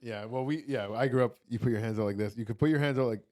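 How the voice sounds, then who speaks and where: A man's voice: mid-range voice, fast, a little mellow. A young man from Canada, a comedian guest telling stories and cracking jokes in casual chat. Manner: joking, storytelling.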